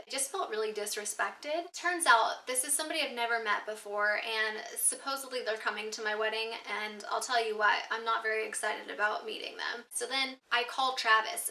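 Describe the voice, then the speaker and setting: A woman's voice: fairly high pitch, bright, forceful tone, far from the mic. A woman in her twenties telling a storytime vlog, candid and upset, swearing freely as she recounts her grievance. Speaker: vlogger. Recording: roomy echo, mic set back.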